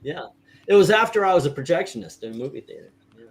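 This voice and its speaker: A middle-aged man hosting a casual livestream chat, rambling with halting restarts and chuckles. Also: a little high, very animated, over a noisy crowd. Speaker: host.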